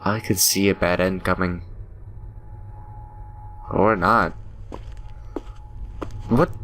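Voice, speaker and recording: A man's voice: mid-range voice, fairly bright tone. Young man dramatically reading a game. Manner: dramatic reading with joking asides. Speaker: gaming YouTuber. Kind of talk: reading a visual novel aloud with commentary.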